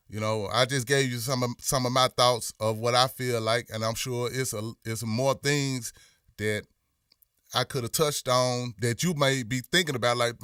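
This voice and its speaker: A man's voice: medium pitch, clear, resonant tone, no echo, studio quality, far from the mic. A man with a Memphis Southern accent hosting a casual livestream, talking loosely and slangy and answering viewers in the chat. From Memphis, USA. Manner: slangy, animated when greeting viewers. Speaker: livestream host.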